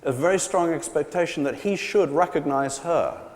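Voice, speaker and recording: A man giving a live public lecture, animated and hesitant, with many fillers and restarts. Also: on the high side, moderate pace. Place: large gallery pavilion. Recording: long hall reverb.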